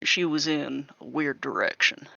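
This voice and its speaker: Bright, dry-voiced questioning player. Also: medium pitch, steady tone, gravelly, no room sound, highs cut off. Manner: halting, probing questions. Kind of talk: in-character questioning in a tabletop game.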